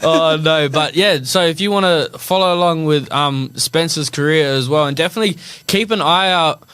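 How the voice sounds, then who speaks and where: Young adult Australian male podcast host; animated, slangy storyteller, slightly high pitch. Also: normal speed, clean tone, no room sound. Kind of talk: casual chat.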